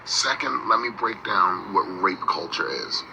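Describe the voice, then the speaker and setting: A very low-voiced man delivers brisk, emphatic commentary, lecturing and hammering one phrase again and again. The clip carries a clear layer of background noise under his voice. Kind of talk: quick social media commentary. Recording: recording with noticeable background noise.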